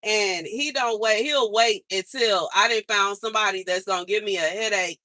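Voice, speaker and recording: Bright-voiced woman venting, frustrated and emphatic. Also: mid-range voice, normal speed, no room sound. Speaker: livestream host. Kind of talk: venting on a livestream.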